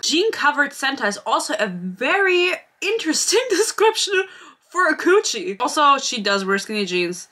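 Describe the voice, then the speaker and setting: A woman's voice: high-pitched, very animated, normal speed, bright, forceful tone. A woman giving a casual book review vlog, sarcastic and blunt, often giggling.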